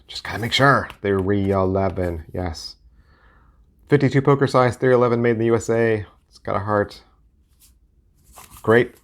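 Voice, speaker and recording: A middle-aged man rambling casually as he reviews playing-card decks, joking and poking fun at himself. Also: mid-range voice. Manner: rambling, joking and self-mocking. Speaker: deck collector and video host.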